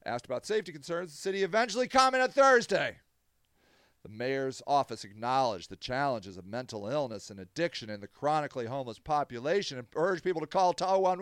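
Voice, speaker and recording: Guy ranting on his podcast, swearing a lot, sarcastic, smooth clear voice, dry close mic. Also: fairly high pitch, no room sound. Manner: heated, profane, sarcastic. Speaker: podcast host running a tent shelter. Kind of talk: angry podcast rant.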